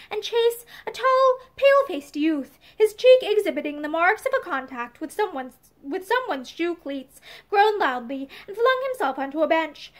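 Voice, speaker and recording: A woman reading an old novel aloud with expressive, lively storytelling. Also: very high voice. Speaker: reader.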